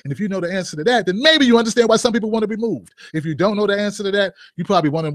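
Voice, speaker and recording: Male vlog host, high voice, joking opinionated commentary with rhetorical asides. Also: racing, hardly any pauses, no echo, clean studio sound.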